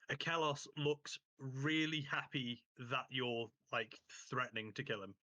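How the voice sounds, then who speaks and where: A man's voice: medium pitch, measured pace, pushed and bright, highs cut off. A man running a tabletop game as game master, narrating casually with a rambling delivery. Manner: casual, rambling, many fillers and restarts.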